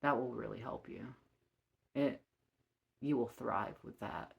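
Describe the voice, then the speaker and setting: A tarot reader talking to camera at an unhurried pace, voice often settling into a gravelly creak. The delivery is gentle and full of soft ums, gushing with encouragement and quick to laugh. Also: medium pitch. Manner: slow and gentle with frequent ums, warmly encouraging. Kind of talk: casual tarot reading to camera.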